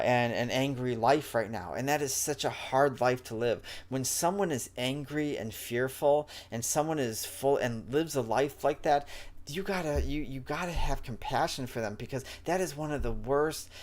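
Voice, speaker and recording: A man hosting a spiritual talk show, speaking in a casual, rambling way with frequent restarts as he teaches. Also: medium pitch.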